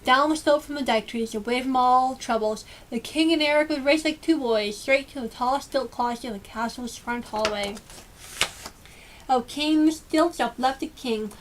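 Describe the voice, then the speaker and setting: A woman reading a children's storybook aloud with lively, expressive storytelling. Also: high voice, normal speed, a little hiss or hum. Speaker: storybook reader.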